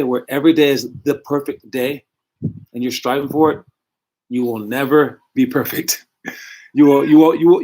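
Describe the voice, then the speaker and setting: A man's voice: medium pitch, a little mellow. A man coaching young basketball players, giving a casual, encouraging motivational talk from home into a computer microphone and correcting himself as he goes.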